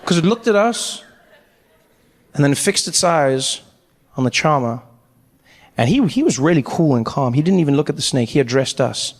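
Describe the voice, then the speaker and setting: A man doing stand-up storytelling, animated, acting out voices and laughing through his lines. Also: fairly high pitch, normal speed, long pauses, long reverb tail. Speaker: stand-up comedian.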